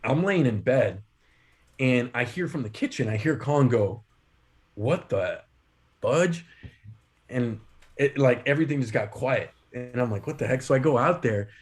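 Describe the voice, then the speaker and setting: A man trading stories on a podcast, animated and quick to laugh, his voice at an ordinary middle pitch. He rambles with fillers and restarts as he builds up to each punchline. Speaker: podcast co-host. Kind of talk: casual storytelling.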